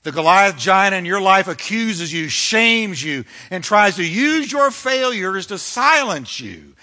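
Male pastor, high bright voice, fiery emphatic sermon delivery. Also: sing-song, slow pace. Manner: fiery, emphatic preaching with dramatic shifts.

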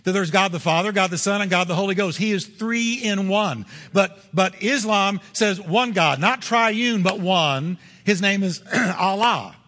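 A man preaching a sermon as pastor, driving points home with repetition and slowing down on key words. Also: sits high, bright, forceful tone, long reverb tail.

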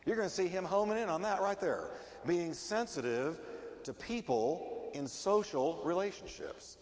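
A middle-aged male pastor preaches with lively, swinging pitch in a fairly high voice. He talks emphatically and keeps asking his listeners rhetorical questions. A long hall reverb trails behind every phrase. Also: normal speed. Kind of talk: sermon.

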